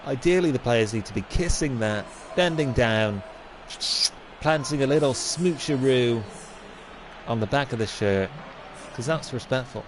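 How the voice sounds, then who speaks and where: A man's voice: medium pitch, expressive, unhurried, slight background noise. A young man doing comic commentary over a football game, playing a mock-serious pundit who rants and gets indignant.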